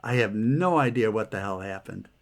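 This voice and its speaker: A man's voice: fairly low pitch, animated, moderate pace. A man casually telling a personal story about his health troubles, laughing often and sounding rueful and incredulous.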